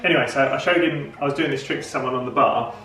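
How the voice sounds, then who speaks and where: A middle-aged man speaks fast in a medium-pitched, pushed, bright voice, telling a rambling joke and chatting casually to camera at home indoors. The vlog host's recording sounds roomy, as if picked up from far off camera.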